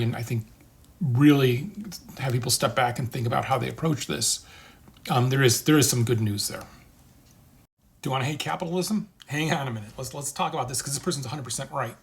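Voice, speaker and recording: With a medium-pitched voice and a brisk pace, this middle-aged man shares advice from his years in the game industry on a casual livestream. He's earnest and reassuring, and he repeats phrases to drive points home.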